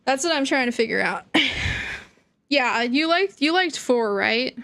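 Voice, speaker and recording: A woman's voice: high voice, animated, unhurried, a bit bright, dry recording. A young woman streamer chatting casually, giggling often and trailing off mid-sentence. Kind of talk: casual livestream chat.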